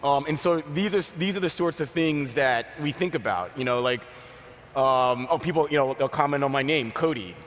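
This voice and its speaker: A man's voice: mid-range voice, moderate pace, fairly bright tone. A man on a conference panel speaks in a candid, wry way, leaning on "you know" as he goes. His voice sits in the middle range. The hall adds a long reverb and a faint background hiss.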